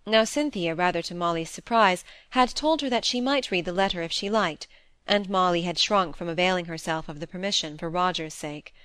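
A woman narrating a classic novel in a calm, measured storytelling voice. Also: lowish voice, clean tone, no echo. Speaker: audiobook narrator.

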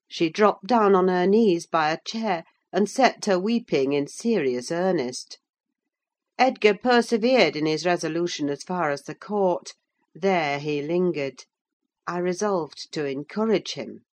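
Woman narrator, audiobook reading, low voice, slow and measured. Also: darkish tone. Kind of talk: scripted narration.

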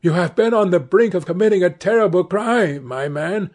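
A man voicing a cornered young gentleman who turns cold and triumphant, his voice raised and strained. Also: a little high, brisk, breathy edge.

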